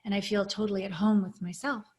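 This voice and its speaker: A woman's voice: mid-range voice, steady tone, quick pace. A woman guest coach speaking in an interview, telling her personal story in an earnest, reflective and openly emotional way over a video call.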